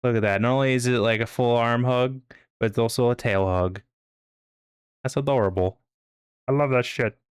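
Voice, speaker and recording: A man streaming a game, chatting casually with his chat, excitable and swearing loosely. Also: medium pitch, normal speed, clear, resonant tone, no echo, clean studio sound. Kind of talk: casual live-stream chat over gameplay.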